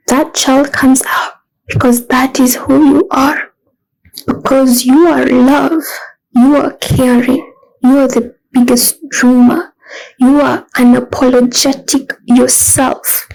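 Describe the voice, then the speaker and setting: A woman's voice: high voice, creaky, darkish tone, low-quality recording. A woman delivering an emotional spiritual monologue, speaking with passion, her voice breaking into tears at times and turning mocking when she voices harsh inner self-talk.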